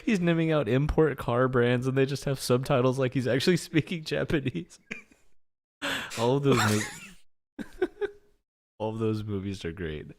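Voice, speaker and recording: A man's voice: medium pitch, animated, unhurried, pauses often. A man co-hosting a podcast, telling stories in casual chat and laughing often. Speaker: podcast co-host.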